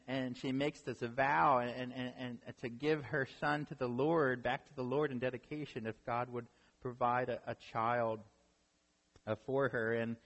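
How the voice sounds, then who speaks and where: Long reverb from a hall surrounds a pastor's mid-range, fairly bright voice. He preaches by retelling a story in a conversational manner, regularly checking in with the crowd by asking "right?"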